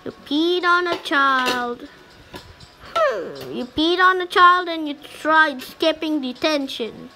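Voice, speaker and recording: A woman's voice: high voice, expressive, takes it slowly, bright, forceful tone, soft background music, exaggerated voice. A woman voicing a menacing female school teacher who hunts down children and scolds them theatrically for game play.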